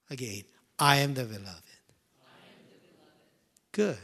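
A man preaching a sermon, swinging from loud emphasis to hushed near-whispers and repeating key phrases slowly. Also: mid-range voice, big pitch swings. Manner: slow, deliberate delivery with repetition.

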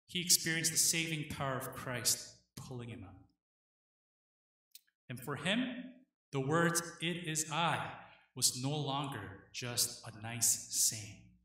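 A man, the pastor, preaching an earnest sermon with dramatic pauses. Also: fairly high pitch, pushed and bright, heavy reverb, far from the mic.

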